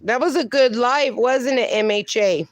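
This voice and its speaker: A woman's voice: on the high side, unhurried, dry recording. A woman hosting a casual phone livestream outdoors with her dogs, greeting viewers and cooing at the dogs in baby talk. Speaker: livestream host.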